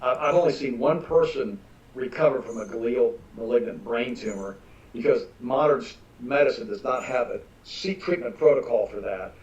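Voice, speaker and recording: A man's voice: medium pitch, normal speed. An older man, a nutritionist, telling stories emphatically as a guest in a conversational interview. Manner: emphatic, animated anecdote-telling. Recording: distant roomy mic with dull lo-fi sound.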